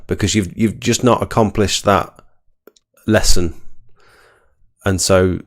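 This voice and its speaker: Man, very deep gravelly voice, podcast host, measured advice. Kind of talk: casual live podcast chat.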